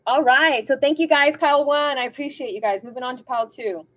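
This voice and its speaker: A woman's voice: high-pitched, a little fast, hardly any pauses, a little hiss or hum. A woman giving a casual pick-a-card tarot reading, talking in a chatty, rambling, spiritual way straight to her viewers.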